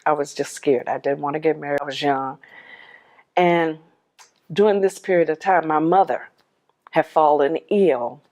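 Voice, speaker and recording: A woman's voice: low voice, moderate pace, long pauses, darkish tone. A woman telling her life story to the camera, heartfelt and vivid, replaying old conversations as dialogue. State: tearful at moments.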